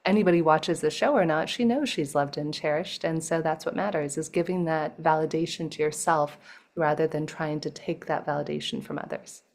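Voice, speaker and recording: A woman guest in a casual interview over a video call, moving between animated storytelling and soft, slow guided-breathing instructions. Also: sits low, vocal fry. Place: home, in Toronto.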